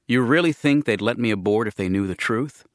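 A man voicing a tense, secretive man who speaks quietly and pleads in a guarded way, read as a scripted audiobook. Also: mid-range voice, fairly quick, no echo, studio quality, lightly acted. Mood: pleading. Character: tense secretive man driven by a private grief.

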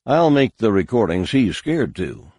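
A man's voice: lowish voice, big pitch swings, unhurried, a little mellow, husky, dry recording, clean studio sound, exaggerated voice. A man reading the part of a cheeky, eager boy.

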